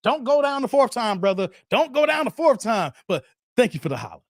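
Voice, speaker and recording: A man in his forties hosting a live reaction stream, animated and laughing, shouting out viewers by name. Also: very high-pitched, a little fast, dry recording, clean studio sound. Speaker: livestream host.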